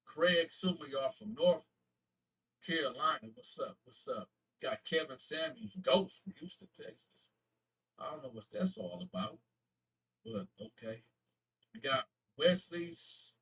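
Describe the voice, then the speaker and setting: Channel host from Flint, male, husky and a bit off-mic, slangy casual shout-outs. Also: fairly high pitch, recorded from a distance, poor audio. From Flint, Michigan. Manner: slangy, halting name reading with self-corrections.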